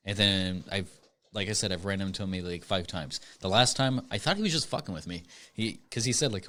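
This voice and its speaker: A man's voice: low voice, fairly quick, pushed and bright. A man co-hosting a casual podcast, telling a rambling story full of filler words. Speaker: podcast co-host.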